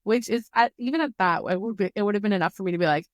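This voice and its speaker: A woman's voice: mid-range voice, expressive, fast talker, few pauses, no echo. A young woman hosting a Bible study, reading passages aloud and breaking in with chatty, sarcastic asides. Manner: reads scripture then reacts with chatty, sarcastic asides. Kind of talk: casual Bible reading with commentary.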